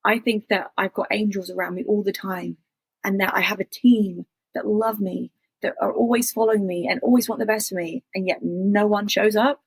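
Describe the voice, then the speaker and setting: A woman's voice: medium pitch, fairly even intonation, normal speed, breathy edge, dry recording. A woman, an interview guest telling a personal story in an intense, confessional way with many fillers.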